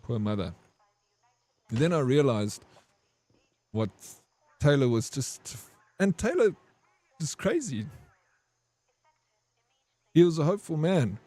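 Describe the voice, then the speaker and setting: A man's voice: fairly high pitch, sing-song, slow, long pauses, warm tone, no echo. A man streaming a game, rambling and crude as he tells a long army story to his chat. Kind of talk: casual gaming stream storytelling.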